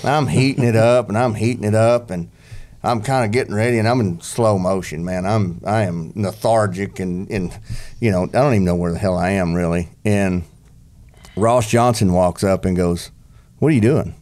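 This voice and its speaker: Low-voiced man spinning a rodeo yarn. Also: normal speed, a little mellow. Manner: rambling storyteller with restarts, country slang. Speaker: guest, former pro bull rider. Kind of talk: casual storytelling on a podcast.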